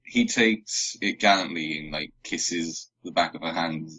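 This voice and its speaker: A man's voice: deep voice, unhurried, sharp tone, slightly rough, no room sound, low-quality recording. A man playing in a tabletop role-playing game, who turns gallant and formal when speaking in character. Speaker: player. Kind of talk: casual tabletop game chat.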